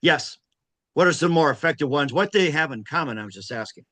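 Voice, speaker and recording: A man's voice: on the high side, animated, fairly quick, pushed and bright. A man from the United States hosting an interview, asking rambling questions with many fillers. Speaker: host.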